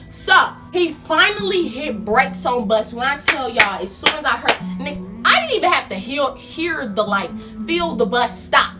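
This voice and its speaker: A young woman vlogger telling a casual story in a slangy, animated way, acting out her own lines. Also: high-pitched, brisk, music in the background.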